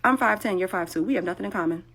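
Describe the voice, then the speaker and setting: A woman telling a sarcastic, animated story straight to the camera in a casual monologue. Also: medium pitch, rapid-fire.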